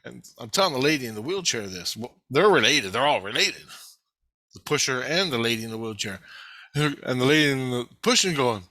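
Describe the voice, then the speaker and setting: A man's voice: mid-range voice, animated, fairly quick, pushed and bright, no echo. A man casually telling a personal story in a blunt, rambling way, swearing freely and laughing at himself. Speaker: vlogger.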